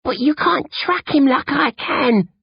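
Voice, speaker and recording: A man doing a hoarse, sickly teenage boy. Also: very high-pitched, animated, measured pace, dry recording, pitched above the performer's own voice, exaggerated voice. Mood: pleading. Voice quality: hoarse, breathy. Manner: weak, wavering, half-whispered. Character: sick, trembling teenage boy, hoarse and frightened. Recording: dull lo-fi recording.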